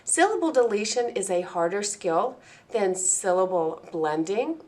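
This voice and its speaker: A woman delivering a recorded training lesson for teachers. She speaks at a middle pitch in a clear, deliberate way and slows down whenever she models a word or a sound. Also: lively intonation, darkish tone. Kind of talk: instructional presentation.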